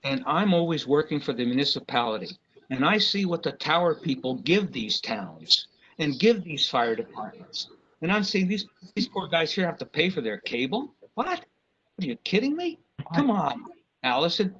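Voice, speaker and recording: A man's voice: fairly high pitch, expressive, normal speed, fairly bright tone, slight background noise. A man speaking as an RF engineer at a public meeting, impassioned and apologetic, stopping and restarting often. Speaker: RF engineer consultant. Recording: dull lo-fi meeting recording.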